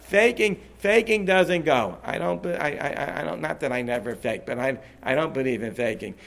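A man's voice: on the high side, moderate pace, gravelly, fairly bright tone. A man leading a discussion, who talks emphatically, repeats himself and insists on his point. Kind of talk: animated discussion.

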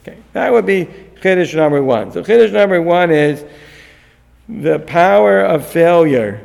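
A man teaching a lecture on a Torah text, animated and acting out the figures in the story. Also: a little high, a little slow, gravelly. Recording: long hall reverb.

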